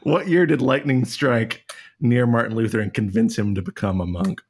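Man co-hosting trivia, excitable and giggly, rambling casual banter. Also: mid-range voice, moderate pace, husky. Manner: excitable, laughs often, rambling storyteller. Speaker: trivia show co-host.

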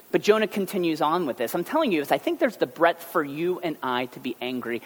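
Lively, joking preacher man with hall echo. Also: fairly high pitch. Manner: animated, joking asides. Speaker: pastor. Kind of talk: conversational sermon. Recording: long hall reverb.

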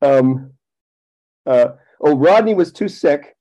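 Rambling, profane middle-aged storyteller. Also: male voice, fairly high pitch, lively intonation, takes it slowly, dark tone, lo-fi sound. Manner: rambling, profane, self-deprecating, with many restarts. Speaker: podcast guest. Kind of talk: casual anecdote telling.

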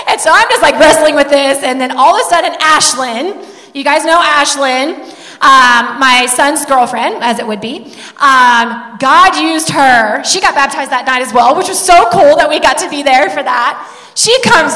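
A woman's voice: high voice, normal speed. A middle-aged woman sharing an emotional family testimony from the pulpit as part of a sermon, telling the story with feeling. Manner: emotional storytelling, animated when quoting. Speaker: pastor's wife sharing a testimony. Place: church sanctuary. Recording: long hall reverb.

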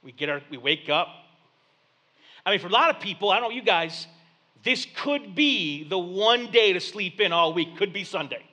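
High bright-voiced male pastor preaching. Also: moderate pace. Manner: storytelling, conversational and animated. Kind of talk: sermon. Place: church basement.

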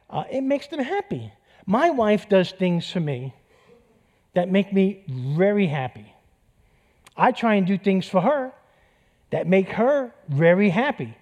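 A man's voice: high-pitched, darkish tone, lo-fi sound. A middle-aged man preaching a sermon in a church, conversational, joking and repeating key phrases for emphasis. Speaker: pastor.

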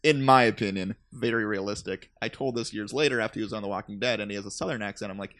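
Gravelly-voiced man chatting about movies. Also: on the low side, fast talker, a bit bright, dry recording. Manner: chatty, enthusiastic, rambling anecdotes. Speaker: podcast co-host. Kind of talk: casual chat.

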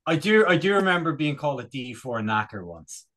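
A man's voice: medium pitch, very animated, brisk, a bit bright. A man from Ireland, a podcast co-host chatting casually, rambling and joking with lots of fillers and restarts. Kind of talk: casual chat.

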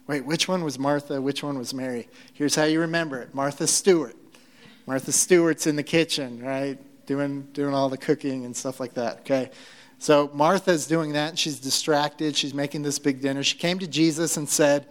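A man's voice: fairly high pitch, fairly even intonation, moderate pace. A man preaching a sermon in a conversational, joking way, often restarting his sentences. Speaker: pastor.

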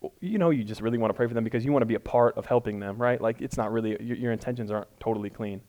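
A male pastor gives a relaxed, conversational sermon with a self-deprecating streak. He stays loose and chatty, then presses his points home with rising emphasis. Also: mid-range voice, very fast, muffled recording. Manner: casual, self-deprecating, builds to emphatic peaks. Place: church room before a congregation.

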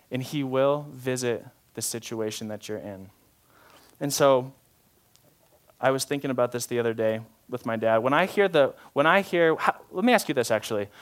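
A man preaching a sermon as pastor, talking in a relaxed, informal way and shifting between soft, slow passages and louder, emphatic ones. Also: medium pitch. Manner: informal, often uses "like" and restarts.

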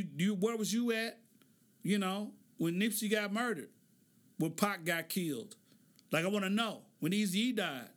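A man giving casual commentary, preachy and animated, stretching words for emphasis and laughing often. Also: sits high.

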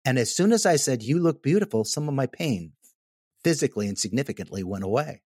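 Animated man telling a story. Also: medium pitch, a little fast, husky, no room sound, studio quality. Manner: animated, emphatic, repeats "okay?" for effect. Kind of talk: storytelling in casual conversation.

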